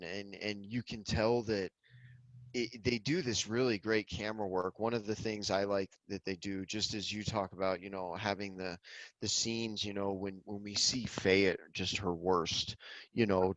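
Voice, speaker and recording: Man podcast co-host, fairly low voice, dry close sound, earnest and halting film talk. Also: steady tone, fairly bright tone, no room sound, rough recording. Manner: earnest, repeats words as he gathers thoughts. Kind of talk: casual film discussion.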